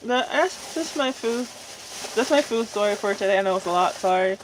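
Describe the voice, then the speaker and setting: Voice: medium pitch, animated, a little hiss or hum. Vlogger rambling and venting between bites, lots of um and like. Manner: rambling, drawn-out, many fillers. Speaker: mukbang vlogger. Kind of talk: casual venting chat while eating.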